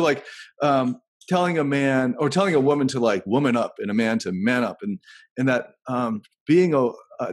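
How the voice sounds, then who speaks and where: Husky-voiced man thinking aloud. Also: mid-range voice. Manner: rambling, thinks aloud while telling anecdotes. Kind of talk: casual podcast conversation.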